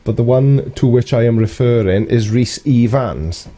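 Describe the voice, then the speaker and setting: Guy on a live stream, talks slow and laid back, mellow voice, keeps chuckling at comments. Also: medium pitch. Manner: chuckles often, rambling and cheeky. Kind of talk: casual live chat reading comments.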